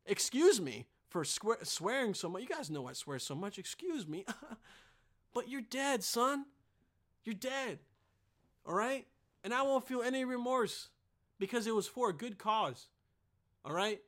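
A young man with a high, bright voice rants to camera, swearing freely and circling back over his own points. He talks in a rambling, heated way, piling on fillers as he goes. The tone is loose and conversational, like someone talking straight into a phone on a casual vlog. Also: big pitch swings, measured pace. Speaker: vlogger.

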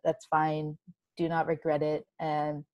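A woman's voice: low voice, slow, no room sound, lo-fi sound. A young woman co-hosting a casual chat, telling a long story with lots of fillers and restarts. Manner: animated, run-on storytelling with many fillers. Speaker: co-host.

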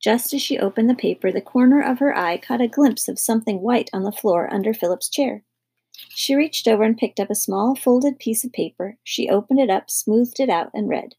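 A woman narrating a children's storybook in a steady, expressive manner. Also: a little high, moderate pace, breathy edge, rough recording.

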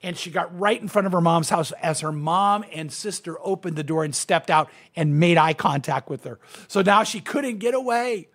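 A man's voice: sits high, moderate pace, few pauses, fairly bright tone. A man preaching a sermon as pastor, earnest and emphatic, often restarting his sentences with fillers.

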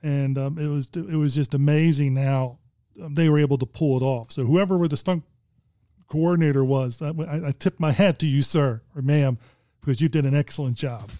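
A man's voice: a little high, moderate pace, dark tone, no room sound, clean studio sound. A man guiding a casual movie discussion, talking in a rambling, chuckling way.

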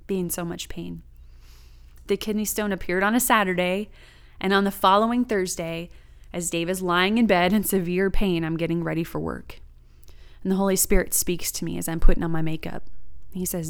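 A woman's voice: mid-range voice, normal speed, vocal fry. A woman sharing a personal faith testimony and practical teaching in an earnest, emphatic way. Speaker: Christian speaker.

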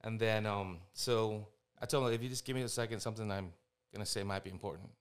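Fast-talking animated male storyteller. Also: on the low side, smooth. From San Antonio, Texas. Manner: animated storyteller, acts out quotes. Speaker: film director guest. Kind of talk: casual podcast chat.

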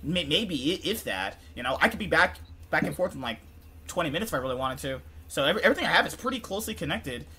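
A man's voice: fairly high pitch, sing-song, quick pace, pushed and bright, a little hiss or hum. A young man from California hosting a podcast, rambling and joking in casual chat, often breaking into laughter. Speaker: podcast host.

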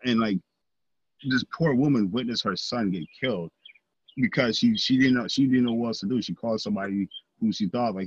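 A man's voice: lowish voice, a little fast, breathy edge, dry recording, muffled recording. A man co-hosting a podcast, talking earnestly in a casual discussion, with lots of fillers and restarts. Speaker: podcast co-host.

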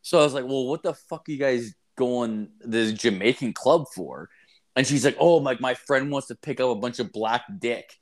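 A man's voice: medium pitch, normal speed. Young man, from Canada, casual crude chat, rambling, heavy swearing, lots of fillers. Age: young adult. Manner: rambling, profane storytelling with many fillers.

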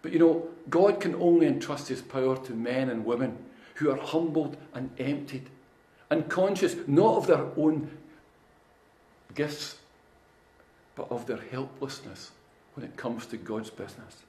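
A man's voice: medium pitch, lively intonation, measured pace, warm tone. A middle-aged man preaching a sermon, telling humorous stories in a folksy, conversational way. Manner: folksy storytelling with humorous anecdotes. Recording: echoey room.

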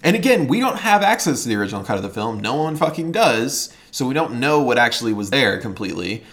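A co-host in a casual movie review chat, critiquing in an animated, worked-up way. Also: mid-range voice, fast talker. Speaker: podcast co-host.

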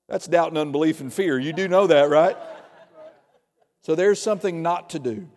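Joking preacher in an echoing hall. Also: male voice, fairly high pitch, normal speed. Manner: conversational, joking preaching with sudden loud bursts. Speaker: pastor. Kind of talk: sermon. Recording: long reverb of a large hall.

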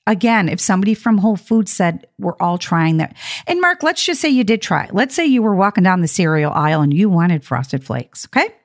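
A woman's voice: lowish voice, fairly quick. A woman hosting a talk show, telling an indignant story in a casual chat, acting out the dialogue. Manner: animated, indignant storytelling with laughs and acted-out dialogue.

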